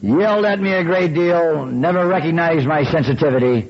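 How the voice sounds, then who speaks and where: A man in his sixties telling his recovery story with wry, folksy humor, often clearing his throat. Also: on the high side, normal speed, highs cut off, background noise.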